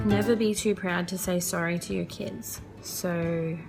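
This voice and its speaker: A young woman with a fairly low, gravelly voice chats earnestly yet casually as a mother giving parenting advice. She's a vlogger and mother, and she laughs often.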